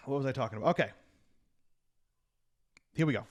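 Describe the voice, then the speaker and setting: A man's voice: mid-range voice, a little fast, no echo, studio quality. A middle-aged man hosting a casual podcast chat, teasing and quizzing his daughter on history. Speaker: podcast host.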